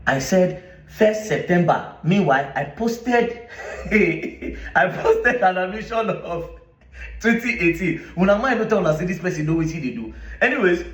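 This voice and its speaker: A man's voice: a little high, echoey room, far from the mic. A man with a Nigerian accent reading official statements aloud and rebutting them with indignant, sarcastic questions. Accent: Nigerian English. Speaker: social media commentator.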